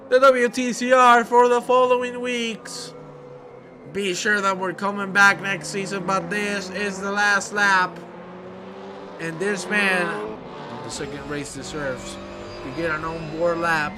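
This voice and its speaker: Excitable high-voiced male race commentator. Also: a little slow. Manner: excitable, emotional, exclamations. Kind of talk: sim racing commentary. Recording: noisy with engine sounds behind. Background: racing car engines.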